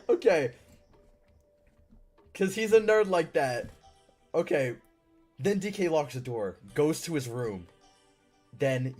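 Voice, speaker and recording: A man's voice: a little high, animated, unhurried, pauses often, darkish tone, faint music behind. A man streaming live, reading out viewer stories and breaking into laughs and mock-indignant protests along the way.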